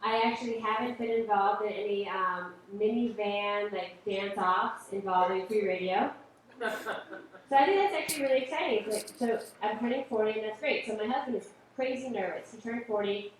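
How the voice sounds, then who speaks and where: A woman's voice: medium pitch, moderate pace, far from the mic, slight background noise. A woman in her late thirties doing a live stand-up set on stage, chatty and self-deprecating with lots of fillers and asides. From Boston area. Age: late 30s. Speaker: stand-up comedian. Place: comedy club stage. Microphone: stage microphone. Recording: roomy live-stream audio from afar.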